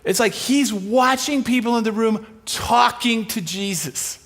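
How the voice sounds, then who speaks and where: A man with a high-pitched voice preaches from a church stage into a microphone. He tells his stories with animation and slips into different voices for each character's lines. The delivery is lively throughout. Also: a little slow. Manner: animated, acts out dialogue in shifting voices. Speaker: guest preacher. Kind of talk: sermon storytelling. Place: large church auditorium.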